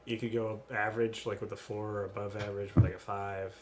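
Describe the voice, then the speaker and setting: A man's voice: lowish voice, fast, crowd noise. Casual, rambling man chatting. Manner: rambling storyteller, swears, animated when telling anecdotes. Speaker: podcast co-host. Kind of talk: casual chat.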